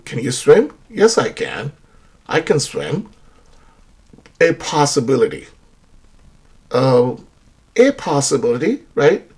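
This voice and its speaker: Husky, lively male English teacher. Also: medium pitch. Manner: explains with many examples and checks in with "right?". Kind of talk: grammar lesson.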